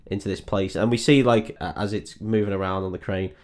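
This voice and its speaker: A man's voice: low-pitched, steady tone, fairly quick, darkish tone. A man co-hosting a comedy podcast, recapping a film in a rambling way, laughing and swearing often. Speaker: podcast co-host.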